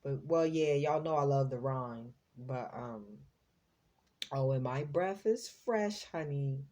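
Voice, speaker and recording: Female tarot host, low mellow voice, casual and slangy, exclaims freely. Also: slow pace. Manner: chatty, slangy, exclaims as she reads the cards. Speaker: psychic tarot reader, host.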